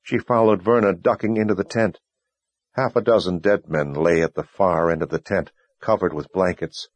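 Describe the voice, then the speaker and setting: Male narrator, husky and fairly low, dry booth sound, steady measured read. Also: no room sound. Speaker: audiobook narrator. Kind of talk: scripted narration.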